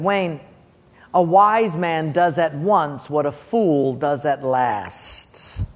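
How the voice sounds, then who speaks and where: High-voiced pastor preaching in a hall. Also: male voice. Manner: animated storytelling, acts out characters with loud outbursts. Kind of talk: sermon.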